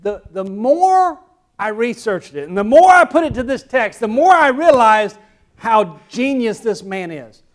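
A pastor from the American South preaches in a high, light voice with a Southern accent. He drops to quiet, close asides, then climbs into loud, emphatic declarations. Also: big pitch swings, a little slow. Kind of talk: sermon.

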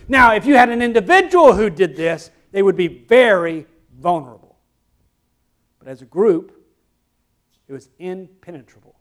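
A pastor from the American South preaches in a high, light voice with a Southern accent. He drops to quiet, close asides, then climbs into loud, emphatic declarations. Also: very animated, normal speed, pauses often. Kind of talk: sermon.

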